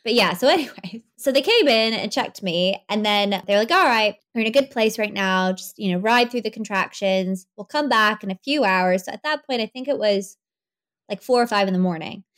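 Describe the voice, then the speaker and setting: A young woman, a podcast guest, telling her birth story in an animated way, laughing often. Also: medium pitch, fairly quick.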